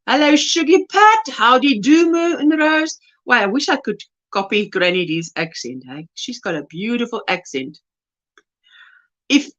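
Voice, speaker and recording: A woman's voice: a little high, lo-fi sound. A South African woman hosting a crochet livestream, casually greeting viewers and reading their chat messages aloud. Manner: warm greetings, reads chat messages aloud, laughs often.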